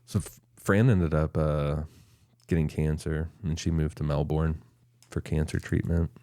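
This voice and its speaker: A male podcast co-host with an extremely low, dark, mellow voice, recorded dry and close. He relays the facts plainly and chats easily with the others. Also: flat delivery, a little slow, dry recording. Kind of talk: casual podcast chat.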